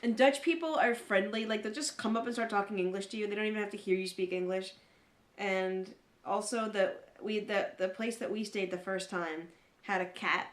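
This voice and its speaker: A woman's voice: mid-range voice, moderate pace, echoey room. A woman co-hosting a podcast, chatting casually and acting out the people in her stories. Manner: animated storyteller, acts out quoted people. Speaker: podcast co-host. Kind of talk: casual chat.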